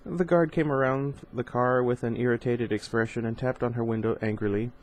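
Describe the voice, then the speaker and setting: A man's voice: mid-range voice, steady tone, a little fast, poor audio. A man reading a novel aloud in an informal way, with casual asides and stumbles over hard words. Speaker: reader.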